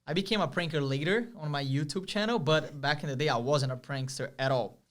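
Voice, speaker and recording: Lively young man telling a story. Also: a little high, a little fast. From Brazil. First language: Portuguese. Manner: lively, vivid, with frequent "like" fillers. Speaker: guest, pro soccer player. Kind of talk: casual storytelling in an interview.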